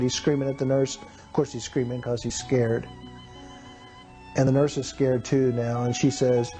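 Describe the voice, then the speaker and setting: A man's voice: medium pitch, steady tone, moderate pace, warm tone, faint music behind. A man in his fifties from Texas, telling his personal testimony in an earnest, dramatic way and acting out the people in his story. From Texas, USA. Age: 50s. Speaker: testimony speaker.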